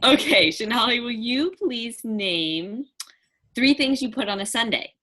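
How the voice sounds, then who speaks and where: Bright slow-talking woman quiz co-host. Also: on the high side, expressive. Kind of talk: casual quiz game. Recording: roomy echo.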